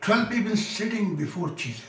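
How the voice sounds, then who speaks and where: A man answering audience questions as a spiritual teacher, speaking slow, insistent, broken English. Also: sits high, animated, slight background noise. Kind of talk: live question-and-answer talk. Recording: echoey room, mic at a distance.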